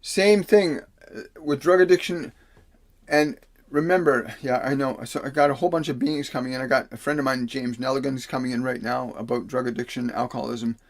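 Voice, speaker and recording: A man, a spiritual teacher on a livestream, reads out viewer questions and answers with slow, soothing instructions, sometimes slowing into solemn pronouncements. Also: medium pitch, steady tone. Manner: slows into solemn, preacher-like pronouncements. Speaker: spiritual teacher giving readings.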